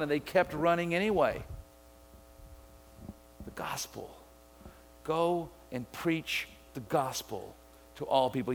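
Man preaching a lively story sermon. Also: fairly high pitch. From Mississippi. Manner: storytelling, builds to excited shouting. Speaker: pastor.

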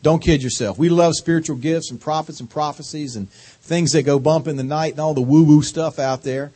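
Southern guy preaching, folksy, jokes around, slow drawl, middle-aged. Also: fairly high pitch, warm tone. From North Carolina. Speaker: guest preacher. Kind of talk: sermon.

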